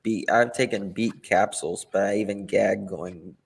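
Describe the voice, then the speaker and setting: A man's voice: on the low side, fairly even intonation, moderate pace, vocal fry, slightly rough, big-room sound. A man hosting a casual chat, quizzical and full of questions. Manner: quizzical, keeps asking questions. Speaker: host.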